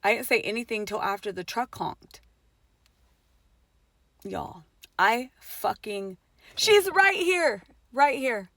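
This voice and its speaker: A woman's voice: mid-range voice, slow pace, pauses often, fairly bright tone, no room sound, studio quality. A middle-aged mother telling a personal story in a casual vlog, swearing often, with lots of fillers and emphatic swings.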